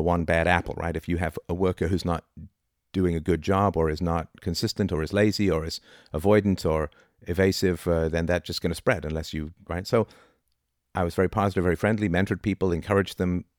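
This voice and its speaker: A middle-aged man with a low, deep voice lectures on philosophy in an argumentative, rhetorical way, constantly checking in with "right?". The sound is close and dry, with no room echo. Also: steady tone, fairly quick. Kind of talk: informal philosophy talk.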